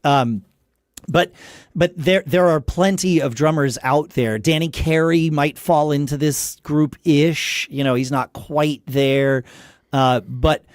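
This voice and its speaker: A man's voice: a little high, slow, no echo, clean studio sound. A man hosting a casual podcast conversation, thinking aloud with frequent restarts and tangents. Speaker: podcast host.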